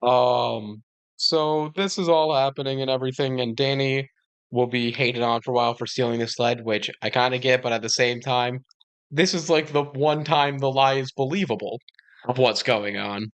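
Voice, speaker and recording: A young man co-hosts a casual podcast and comments on a low-budget film with easygoing, wry humor. His voice sits at an ordinary, mid-range pitch. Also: normal speed. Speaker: podcast co-host. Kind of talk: casual movie discussion.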